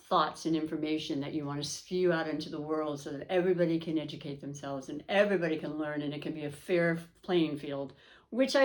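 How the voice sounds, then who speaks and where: A woman's voice: on the low side, darkish tone. Chatty upbeat woman reading horoscopes. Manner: chatty and upbeat, frequent fillers and restarts. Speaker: astrology and tarot reader. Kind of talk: casual spoken reading to camera.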